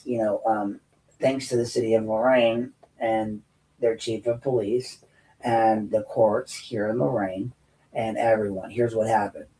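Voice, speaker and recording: A man's voice: lowish voice, warm tone, recorded from a distance, low-quality recording. A man hosting his own show, giving a rambling, combative monologue with many restarts. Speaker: show host and veteran. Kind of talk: monologue commentary.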